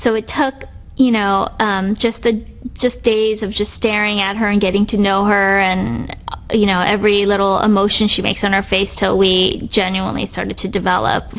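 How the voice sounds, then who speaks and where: Woman, mother, candid, thoughtful, medium pitch. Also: flat delivery, normal speed, vocal fry, fairly bright tone, poor audio. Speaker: interviewee, mother.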